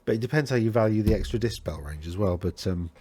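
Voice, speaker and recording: A man's voice: fairly low pitch, lively intonation, quick pace, warm tone, breathy edge, dry recording. A man hosting a tabletop wargame talk, rambling and correcting himself as he browses lists, with a tickly throat. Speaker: host of a tabletop wargame podcast. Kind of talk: casual talk over game lists.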